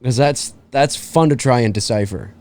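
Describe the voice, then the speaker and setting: A man's voice: mid-range voice, moderate pace, darkish tone. A man co-hosting a live film commentary in a laid-back way, chuckling often and reading viewer comments aloud. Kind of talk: live movie commentary chat.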